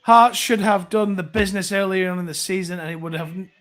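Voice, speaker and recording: A man's voice: high voice, a little fast, fairly bright tone. A man hosting a casual live phone-in, reading out viewer comments in a chatty, rambling way with plenty of fillers.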